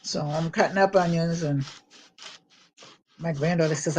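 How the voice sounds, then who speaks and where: A woman's voice: fairly low pitch, unhurried, long pauses, darkish tone. Older woman chatting while cooking. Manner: chatty, rambling, greets viewers by name. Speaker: home vlogger. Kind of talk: casual live-stream chat while cooking. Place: home kitchen.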